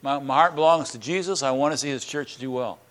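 Earnest pastor preaching. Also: male voice, medium pitch, a little fast, a bit bright. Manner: earnest, repeats words, rising emphatic voice on key lines. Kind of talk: sermon and prayer. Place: church.

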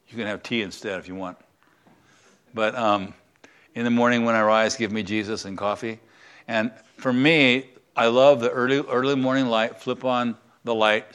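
A man's voice: on the low side, a bit bright, clear, resonant tone. An older man from the United States, a semi-retired pastor, giving a conversational Bible lesson and asking the congregation questions. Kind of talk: sermon.

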